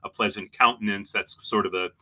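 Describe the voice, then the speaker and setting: A man's voice: lowish voice, fairly even intonation, brisk, bright, forceful tone. A man hosting an interview show, talking in a rambling, hesitant way and restarting often. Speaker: show host. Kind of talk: casual interview chat.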